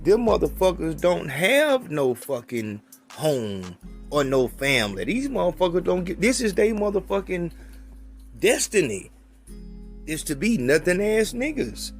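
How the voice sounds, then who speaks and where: A man's voice: sits high, sing-song, a little slow. A man on a podcast bluntly lecturing young listeners in profane, casual talk. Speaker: podcast host. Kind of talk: casual advice-giving commentary. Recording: faint music underneath.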